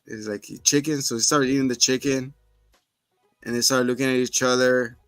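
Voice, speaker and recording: A man's voice: mid-range voice, level tone, moderate pace, fairly bright tone, clean tone, no echo, faint music behind. A man co-hosting a podcast, casually rambling through scene recaps and acting out quotes. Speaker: podcast co-host. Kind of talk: casual chat.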